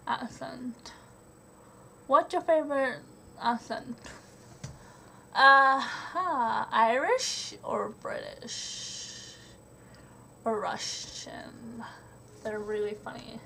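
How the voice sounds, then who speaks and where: A young woman reads out tag questions and answers them in a slow, unhurried way, stopping often for ums and small giggles. Her voice sits a touch high. Faint hiss hangs behind the home recording. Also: bright, forceful tone. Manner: hesitant, many ums, giggly. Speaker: vlogger.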